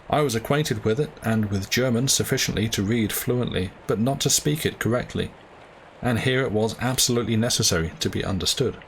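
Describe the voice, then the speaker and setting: A man narrating a classic novel aloud in a steady, measured way on a livestream. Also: mid-range voice, slight background noise, poor audio. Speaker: reader of a novel.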